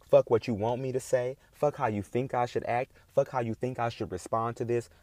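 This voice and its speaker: A man's voice: medium pitch, steady tone, a little fast, darkish tone, no echo, studio quality. A man in a casual, heated monologue, talking in a profane, emphatic and indignant way.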